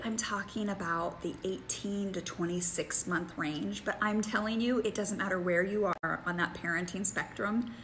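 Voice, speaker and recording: A woman's voice: medium pitch, fairly bright tone, a little hiss or hum, rough recording. Upbeat woman giving parenting advice. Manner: upbeat, enthusiastic, talks straight to parents. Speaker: sleep consultant and show host. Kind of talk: direct-to-camera parenting advice.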